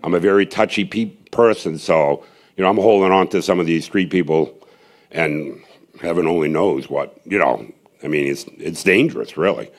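A man with a low voice speaks at a normal pace. He's a street evangelist sharing his testimony with a gathering, rambling and earnest, often restarting and wandering into asides.

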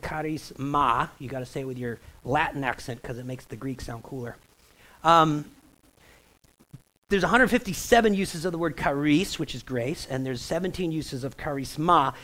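A man, a pastor with a slightly higher voice preaching in a church sanctuary over a stage microphone. He keeps it loose and conversational, cracking jokes and checking that the congregation is following. It sounds more like easy talk from the pulpit than a formal address. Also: fairly bright tone, low-quality recording. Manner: jokey, conversational preaching with lots of audience check-ins. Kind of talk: sermon.

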